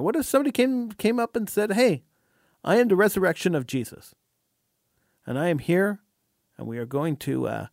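A male talk radio host speaks in an impassioned, emphatic monologue, and his pitch leaps up and down as he argues. He often stumbles over the first words of a phrase and repeats them. His voice sounds close and dry, with no room echo. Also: a little mellow. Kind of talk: monologue commentary.

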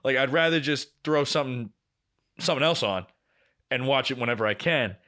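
Young man, podcast co-host, bright forceful voice, casual swearing chat. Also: medium pitch, fairly quick. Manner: swears often, animated storytelling.

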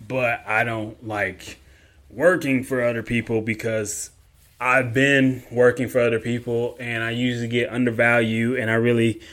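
A young man hosting a casual question-and-answer show, talking in a relaxed, rambling way and repeating points as he goes. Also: medium pitch, normal speed. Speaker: host answering listener questions. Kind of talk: casual Q&A podcast talk.

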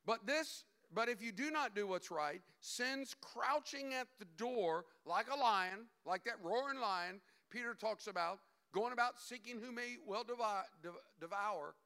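A male pastor preaching an animated sermon, acting out the voices of figures as he goes. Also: sits high, unhurried, gravelly, hardly any pauses.

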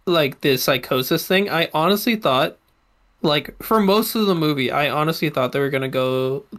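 Laid-back young man, slightly higher voice. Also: animated, normal speed, a bit bright. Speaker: podcast co-host. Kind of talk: casual movie review chat.

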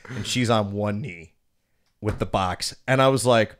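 A young man with a lowish voice tells stories in a casual chat, cursing freely. He acts out both sides of his conversations. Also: moderate pace. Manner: profane, animated storyteller. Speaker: podcast host.

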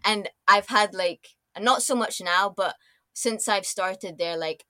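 A woman's voice: medium pitch, slow pace, bright, forceful tone, no echo, clean studio sound. Laughing woman, mixed accent. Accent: mixed, often taken for American or Canadian. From born in Dubai, raised in Scotland. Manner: chatty, laughs often, many likes and restarts. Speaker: guest, designer. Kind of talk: casual interview chat.

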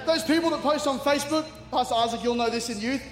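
Over music, a middle-aged man from Australia talks very fast in a very high-pitched voice. He's a guest preacher giving a humorous sermon, animatedly voicing the people in his stories. The sound carries the long reverb of a big, echoing church hall.

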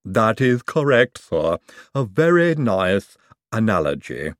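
Unruffled lisping manservant, measured and polite, dry audiobook read, as a man puts him on. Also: on the low side, no room sound. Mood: calm. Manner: calm, deferential, measured. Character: calm, polite male servant with a lisp.

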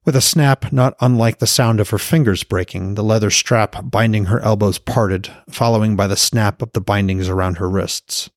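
Man, low voice, steady storytelling, audiobook fiction narration, dry close sound. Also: normal speed, hardly any pauses, no room sound. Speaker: author and podcast narrator.

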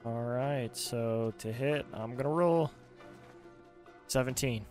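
A man's voice: medium pitch, slow pace, darkish tone, soft background music. A man playing a tabletop game, asking hesitant questions with fillers. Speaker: player. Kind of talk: casual tabletop play.

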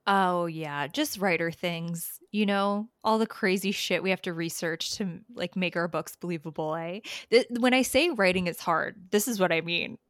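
Chatty woman co-host with a slightly low voice, casual writing talk, dry close mic. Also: normal speed, few pauses, fairly bright tone, dry recording. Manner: chatty, lots of "like" fillers. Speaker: podcast co-host, writer. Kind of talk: casual chat about writing.

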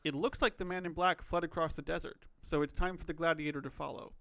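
Podcast co-host, male, slightly high voice, thoughtful and rambling. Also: fairly even intonation, quick pace, creaky, a bit bright. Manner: thoughtful, musing, many "like" fillers. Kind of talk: casual chat.

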